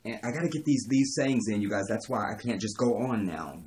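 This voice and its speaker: Man, lowish voice, sarcastic, rambling, profane TV recap. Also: lively intonation, brisk, hardly any pauses, a little mellow. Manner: sarcastic, rambling, profane, repeats phrases for comic effect. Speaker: TV show reviewer. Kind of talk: casual episode recap and commentary.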